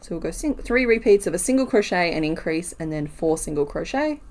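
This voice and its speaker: A woman's voice: on the low side, lively intonation, fairly quick, darkish tone. A woman streaming while she crochets, talking casually, counting stitches aloud and answering her chat.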